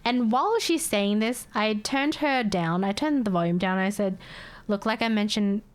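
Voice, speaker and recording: A woman's voice: medium pitch, moderate pace. Exasperated woman streamer, swearing freely. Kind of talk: casual storytelling to stream chat.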